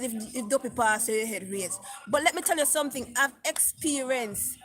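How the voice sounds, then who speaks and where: A woman's voice: sits high, normal speed, a bit bright. A middle-aged woman with a Jamaican accent, chatting on a live stream and reading viewer comments aloud. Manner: chatty, reads comments aloud, mixes patois. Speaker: vlogger. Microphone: phone.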